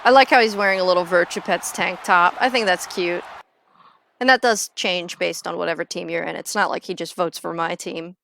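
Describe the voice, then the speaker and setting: A woman's voice: lowish voice, brisk, creaky, fairly bright tone. A woman chatting casually on a livestream as she plays, rambling along with lots of filler words. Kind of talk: casual livestream chat while gaming.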